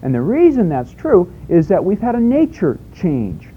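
A man's voice: high-pitched, huge pitch swings, moderate pace, muffled recording, a little hiss or hum. A man preaching a sermon in a conversational way, asking rhetorical questions and telling homespun stories.

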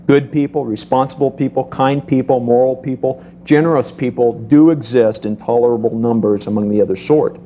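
A middle-aged man preaching a sermon to a congregation, telling stories in a lively way and acting out the voices in them. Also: medium pitch, brisk, hardly any pauses, a little hiss or hum. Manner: animated storytelling, acts out voices. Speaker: pastor.

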